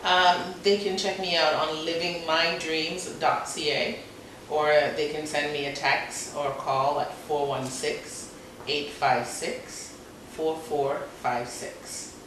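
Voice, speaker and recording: A woman's voice: deep voice, steady tone, takes it slowly. A woman life coach as an interview guest, giving short agreeable replies. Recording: echoey room, distant mic, noisy.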